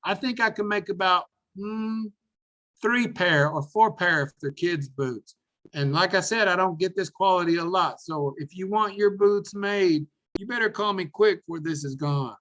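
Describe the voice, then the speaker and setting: Brief: man playing an upbeat elderly saddle maker with a country twang and a higher, excited voice. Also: moderate pace. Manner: excited, folksy sales pitch. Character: cheerful 85-year-old male saddle maker with a twang.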